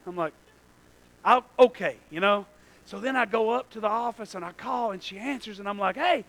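A male pastor preaches to his congregation in a church. His voice sits very high and sounds bright and forceful. He tells stories, falling to near-whispers and climbing to shouts. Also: expressive, moderate pace, gravelly, rough recording. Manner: storytelling, swings from hushed to shouting. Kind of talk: sermon with personal storytelling.

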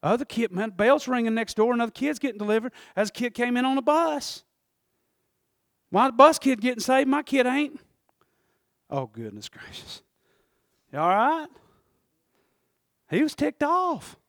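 A male pastor preaching a sermon, moving from quiet scripture reading to shouted, fervent passages. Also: animated, moderate pace, pauses often, no echo, clean studio sound. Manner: swings from low reading to shouting fervor.

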